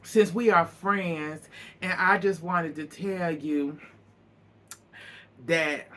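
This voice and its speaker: A man doing a halting woman confessing gossip. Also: a little high, steady tone, fairly bright tone. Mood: hesitant. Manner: halting, repeats herself.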